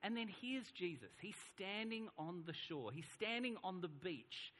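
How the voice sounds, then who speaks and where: A man with an Australian accent from Melbourne, preaching a sermon, reading scripture slowly and then speaking with animated, rising emphasis. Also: high-pitched. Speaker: pastor. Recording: long reverb in a large hall.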